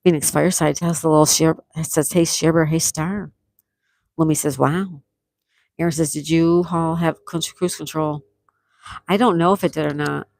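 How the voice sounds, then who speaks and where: Older woman, livestream host, gravelly voice, chatty, reads comments aloud, dry close sound. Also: sits low, fairly even intonation, moderate pace, darkish tone, no echo, rough recording. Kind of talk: casual livestream chat reading comments.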